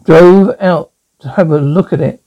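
A man's voice: fairly high pitch, measured pace, dark tone, muffled recording. An actor playing a flustered, bewildered married man in a radio drama. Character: anxious, bewildered middle-aged married man. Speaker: man troubled by strange dreams.

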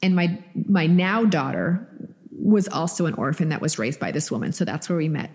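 A middle-aged woman co-hosting a podcast, telling a personal story in a lively, casual way. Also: low-pitched, normal speed, big-room sound. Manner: animated storyteller, acts out quoted voices. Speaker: podcast co-host.

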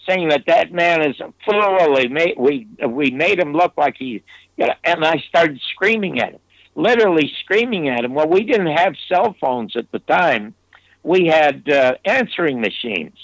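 A man's voice: a little high, expressive, moderate pace, no room sound. An older American man, an interview guest and former TV producer, telling an anecdote in an emphatic, digressive way with restarts. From United States. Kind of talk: anecdotal storytelling. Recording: dull, dry lo-fi audio.

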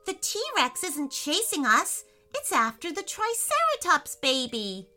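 Eager young boy, dinosaur buff, high excitable voice, bright tone, faint music, put on by a woman. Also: takes it slowly, exaggerated voice. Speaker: children's story narrator doing character voices.

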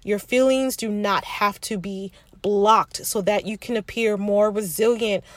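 A woman's voice: medium pitch, fairly even intonation, measured pace, dry recording. A woman hosting a candid self-help podcast, talking frankly and reflectively to the listener as if to a sister, thinking aloud with restarts. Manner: frank, confiding, addresses listener as sis. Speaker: podcast host.

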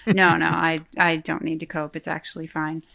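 A woman co-hosts a casual podcast, recounting an everyday story in a chatty, giggly manner. Her voice sits a touch lower than most women's. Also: flat delivery, normal speed, vocal fry, fairly bright tone. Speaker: podcast co-host.

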